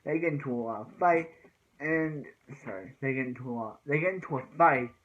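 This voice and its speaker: A man's voice: medium pitch, brisk, a bit bright, highs cut off, slight background noise. A man casually recapping TV fight scenes, rambling with filler words and sound effects. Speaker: show recap vlogger.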